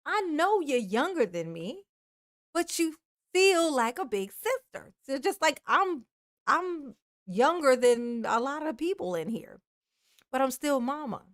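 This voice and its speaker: A woman's voice: sits high, big pitch swings, a little slow. A woman hosting a casual livestream sign-off, drawling affectionately, calling herself Mama and laughing often. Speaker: YouTube channel host.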